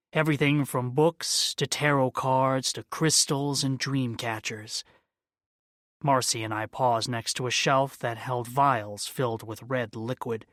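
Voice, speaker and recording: A man narrating a first-person crime audiobook in a measured, subdued way. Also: mid-range voice, a bit bright, no room sound, clean studio sound.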